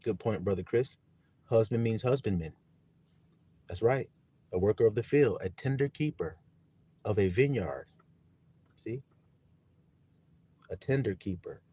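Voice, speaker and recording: A man preaching a sermon, reading scripture loudly and turning quiet for personal stories, often asking his listeners if they see. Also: lowish voice, a little slow, pauses often, husky. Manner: casual, blunt preaching with mild swearing.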